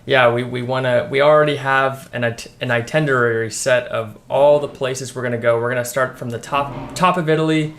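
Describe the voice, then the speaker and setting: Relaxed young man, mid-pitched. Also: fairly quick, few pauses. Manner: relaxed, hesitant, lots of fillers and restarts. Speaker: guest friend. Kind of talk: casual chat.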